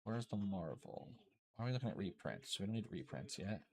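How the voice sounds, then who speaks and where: A man's voice: fairly low pitch, animated, a little fast, darkish tone, husky. A man casually chatting and explaining a card game as he streams from home, loose and chatty, swearing freely. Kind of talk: casual chat while playing.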